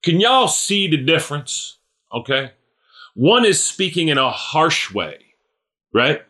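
A man's voice: fairly high pitch, very animated, slow pace, pushed and bright. A middle-aged man preaching a sermon in a conversational way, often checking in with "right?" and "you know". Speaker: pastor.

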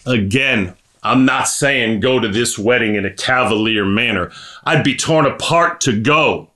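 Middle-aged male preacher, bright cutting tone, impassioned sermon delivery with slow scripture reading. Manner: impassioned, rising to emphatic high-pitched peaks.

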